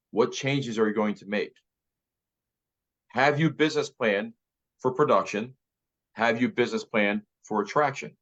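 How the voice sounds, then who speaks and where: A man in his fifties giving an emphatic motivational talk as a real estate director, repeating key phrases. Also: mid-range voice. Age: 50s. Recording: slightly muffled audio.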